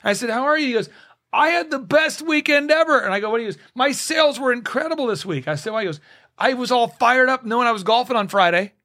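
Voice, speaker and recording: High-voiced man telling lively stories. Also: fast talker. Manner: animated storyteller acting out both sides of dialogues. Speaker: guest. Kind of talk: casual studio conversation. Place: studio.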